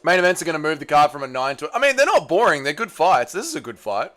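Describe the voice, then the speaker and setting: A man's voice: on the high side, big pitch swings, fast talker, fairly bright tone. A young Australian man livestreaming, casually reading his chat and bantering back with swearing and mock-patriotic ribbing. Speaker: streamer.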